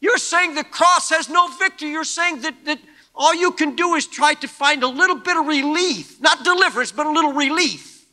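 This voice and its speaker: A man preaching a sermon to a congregation, fervent, moving from quiet talk to shouting. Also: very high-pitched, moderate pace. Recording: long hall reverb.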